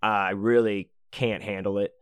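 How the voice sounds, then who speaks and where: A man's voice: fairly low pitch, little pitch movement, moderate pace, clean tone, no echo. A man hosting a podcast, telling a heartfelt story in a rambling, casual way, with many fillers, restarts and casual swearing. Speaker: podcast host.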